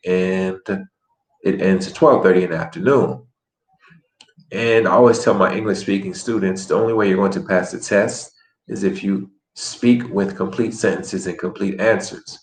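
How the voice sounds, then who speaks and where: Low voiced guy teaching a language class, earnest and encouraging, roomy echo. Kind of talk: online language lesson.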